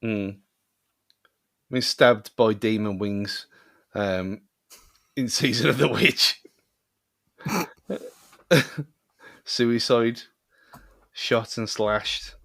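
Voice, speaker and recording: A man's voice: on the low side, extremely slow, creaky, pauses often, a bit bright, no echo, studio quality. A man co-hosting a podcast in casual chat, hesitant and often laughing. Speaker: podcast co-host.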